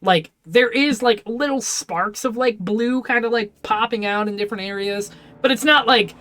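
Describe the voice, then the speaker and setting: A woman's voice: a little high, moderate pace, a bit bright. A woman narrating as game master of a tabletop game, rambling with lots of fillers. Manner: rambling, many fillers and laughs.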